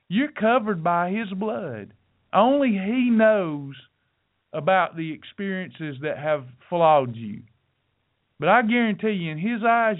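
A middle-aged man hosting a podcast, talking in a folksy, sermon-like way and speaking straight to his listeners. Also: high voice. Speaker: podcast host. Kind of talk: preachy motivational talk. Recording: tinny phone-like audio.

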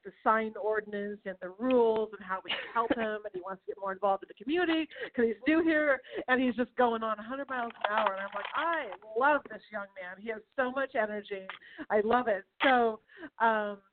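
Her voice is on the high side and brisk. Hosting a casual chamber of commerce radio interview over thin, phone-like audio, she spins an energetic story, laughing and imitating the characters' voices.

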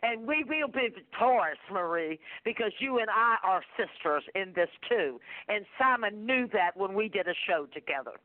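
A woman's voice: mid-range voice, animated, moderate pace, hardly any pauses, dry recording. A woman calling in to a radio show, comforting the host in a soothing, preachy way and calling her darling. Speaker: caller and fellow radio host. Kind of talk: comforting call-in talk. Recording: tinny phone line, dry.

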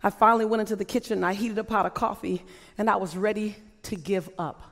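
A woman's voice: mid-range voice, steady tone, quick pace. Impassioned woman speaker in a big hall. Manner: impassioned, repeated rhetorical questions. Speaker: motivational speaker. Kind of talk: inspirational speech to a live audience. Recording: long reverb of a large hall.

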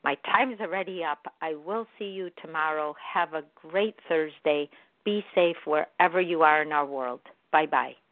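Low-voiced woman giving gentle spiritual encouragement. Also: normal speed, no room sound. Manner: gentle, encouraging, repetitive phrasing. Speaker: morning show host. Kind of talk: spiritual self-help talk. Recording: phone-like narrow sound.

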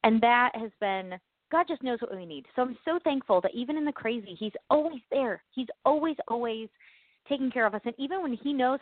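A woman's voice: sits high, lively intonation, fairly quick, no echo. A woman co-hosting a casual radio chat, bubbly and rambling, laughing often, sounding stressed and tired. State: stressed and exhausted. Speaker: co-host. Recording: tinny phone line, dry.

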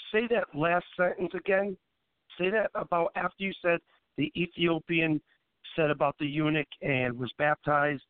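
Smooth-voiced pastor over a phone line. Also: male voice, on the high side, no room sound. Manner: measured, insistent when interrupted. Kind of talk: panel discussion. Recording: phone-like narrow sound.

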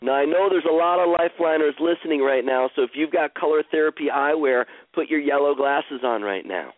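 Over what sounds like a tinny phone connection, a fairly high male voice coaches a caller in real time, slow and soothing and going over the same phrases again and again. There's no room sound; everything is dry and close.

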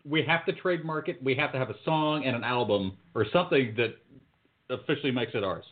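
A man co-hosting a podcast, swearing freely and getting excitable in casual banter. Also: medium pitch, fairly quick. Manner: profane, excitable. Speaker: podcast co-host. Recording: phone-like lo-fi audio.

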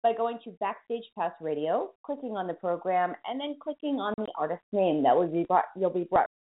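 Woman radio host with a Boston accent, lively pitch, self-mocking and chatty, phone-line sound. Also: a little fast. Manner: chatty, self-mocking, spells names aloud. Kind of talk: casual radio presenting.

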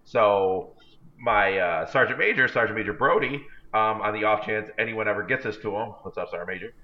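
A podcast co-host rambles casually through a lengthy story that pokes fun at himself. He speaks fairly quickly in a lowish voice, captured on a dull, lo-fi recording.

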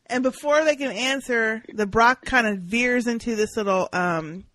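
A woman's voice: fairly high pitch, a little slow, pauses often, dry recording, poor audio. A woman co-hosting a podcast, recapping an episode in casual chat and acting out the characters' lines. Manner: animated, acts out characters' lines. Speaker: podcast co-host.

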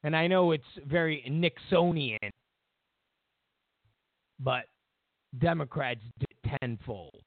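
A man hosting a political commentary show, ranting loudly and mockingly, slipping into put-on voices for the people he quotes. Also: a little high, lively intonation, slow pace, pauses often, no room sound, narrow, tinny audio.

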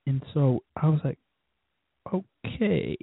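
A man hosts his own podcast alone, rambling from headlines into stories. He swears constantly and mimics voices and sound effects along the way. His husky, slightly high voice sounds dry and tinny, as if over a phone line. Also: expressive, slow pace, no echo. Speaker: podcast host. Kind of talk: casual solo monologue.

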